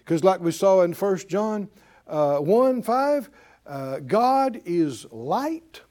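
A male pastor delivering a sermon in a high, lively voice that swings widely in pitch. He speaks slowly and deliberately, leaning hard on repeated words and calling for answers from his listeners. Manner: emphatic preaching with repeated phrases and call-and-response.

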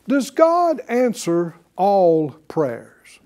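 In an animated, mellow voice on the high side, a Bible teacher gives a slow sermon. He asks questions of the audience and draws their answers out.

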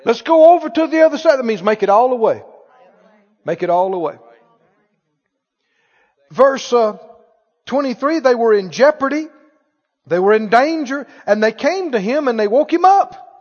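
High-pitched animated preacher man. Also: measured pace, pauses often. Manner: animated, asks the congregation questions and acts out scenes. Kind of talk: sermon. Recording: reverberant church hall, dull lo-fi sound.

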